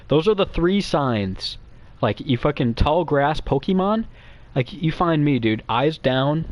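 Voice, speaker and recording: A young man rambling crudely and nervously as a guest to some streamers, giggling as he goes. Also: medium pitch. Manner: nervous, quick and quiet. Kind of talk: rambling comedic chat.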